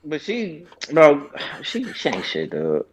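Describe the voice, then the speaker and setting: A man's voice: fairly high pitch, huge pitch swings, slow, low-quality recording. A young man telling rambling, profane stories in a casual podcast chat. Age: young adult. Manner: rambling, profane storytelling with repeated restarts. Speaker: podcast co-host.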